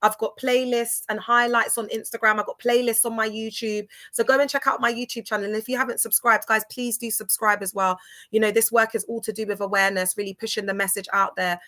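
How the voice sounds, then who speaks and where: A woman hosting a live stream, chatting warmly and directly with her viewers as she wraps up, speaking into a phone held close. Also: a little high, steady tone, fairly quick. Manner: chatty, affectionate, talks straight to viewers. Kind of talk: casual live-stream sign-off.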